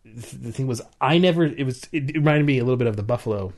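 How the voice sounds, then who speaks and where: A man's voice: mid-range voice, fast. A man co-hosting a podcast, explaining things in casual chat with many restarts and fillers. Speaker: podcast co-host.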